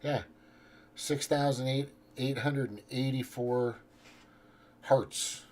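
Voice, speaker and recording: A man's voice: medium pitch, steady tone, slow, a little mellow. A man hosting his own show, rambling through a profane casual political rant while scrolling and reading out his posts. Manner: frequent restarts and trailing off. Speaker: show host.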